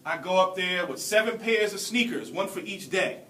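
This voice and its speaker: A man in his forties from Brooklyn giving an earnest motivational keynote speech, telling stories with deliberate pauses. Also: animated, pushed and bright. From Brooklyn, New York. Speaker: keynote speaker. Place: large hall at a ceremony. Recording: echoey hall, distant mic, faint rumble.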